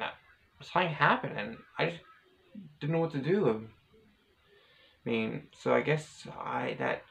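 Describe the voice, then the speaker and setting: A man's voice: medium pitch, vocal fry, a little hiss or hum, low-quality recording. A man vlogging casually, telling a personal story in a rambling, hesitant way with many restarts.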